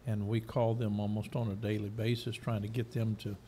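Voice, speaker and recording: A man's voice: lowish voice, fairly quick. A man hosting a casual panel chat over dinner, talking between bites. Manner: eating while talking, relaxed interjections. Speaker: host. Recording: faint room noise, live stream.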